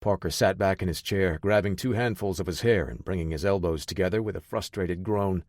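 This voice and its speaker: Brief: steady male audiobook narrator, low-pitched, dry studio sound. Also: a little fast, few pauses, no echo.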